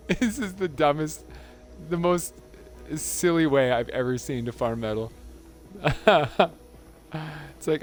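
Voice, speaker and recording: A man's voice: on the high side, unhurried, fairly bright tone. A man hosting a gaming channel, giving casual gameplay commentary in an amused, chatty way and laughing often.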